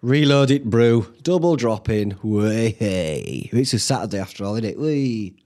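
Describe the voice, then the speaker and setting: A man's voice: mid-range voice, animated, fairly quick, darkish tone. A young man, hosting a casual solo podcast from home, rambling and swearing freely. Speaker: podcast host. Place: indoors at home.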